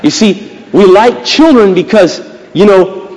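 A man preaching a sermon emphatically, with dramatic pauses between phrases. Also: high voice, lively intonation, a little mellow, muffled recording. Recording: long reverb of a church hall.

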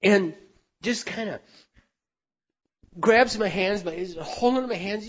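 A middle-aged man telling heartfelt stories in a sermon, earnest, dropping to a hush and then rising loud for emphasis. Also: sits high, slow pace, pauses often, lo-fi sound. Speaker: speaker.

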